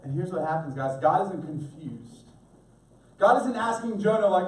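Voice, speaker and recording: A man's voice: high-pitched, expressive, normal speed. A middle-aged male pastor preaching an earnest sermon, speaking directly to his congregation. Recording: echoey room, mic at a distance.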